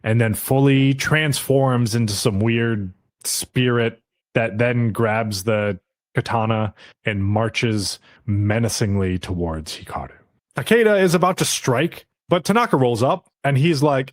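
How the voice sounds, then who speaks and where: A man's voice: medium pitch, expressive, a little slow, no echo, studio quality. A man co-hosting a podcast, casually recapping an anime episode and briefly putting on the characters' voices as he retells scenes. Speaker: podcast co-host. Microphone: podcast mic.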